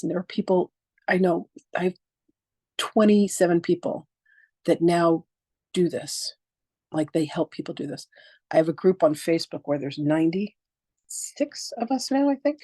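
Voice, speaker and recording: Animated woman in her sixties teaching. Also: fairly low pitch, breathy edge, dry recording. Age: 60s. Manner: animated storytelling, acting out quoted exchanges; frank and emphatic, with occasional swearing. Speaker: spiritual teacher. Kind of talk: live online masterclass talk.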